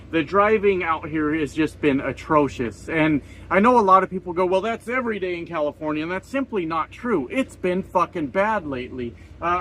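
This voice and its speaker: A man in his forties grumbles and swears to his camera from a truck cab, sarcastic and fed up. His voice sits a little high for a man. A faint hum of vehicle noise runs underneath. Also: fairly bright tone, low-quality recording. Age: 40s. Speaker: trucker vlogger. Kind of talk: casual vlog rant. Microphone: camera set up in front of him.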